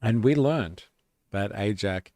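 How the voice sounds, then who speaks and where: Gravelly deep-voiced man. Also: slow, darkish tone, dry recording, studio quality. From Australia. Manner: casual, swearing, reading chat aloud. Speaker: live stream host. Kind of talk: casual live stream commentary.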